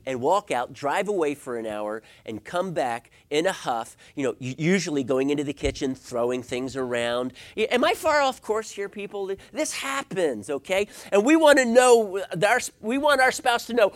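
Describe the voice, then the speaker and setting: Man, middle-aged, pastor, sermon, fairly high voice, dramatic swings from soft to loud. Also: expressive, normal speed, few pauses. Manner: dramatic swings from hushed to loud, rhetorical questions.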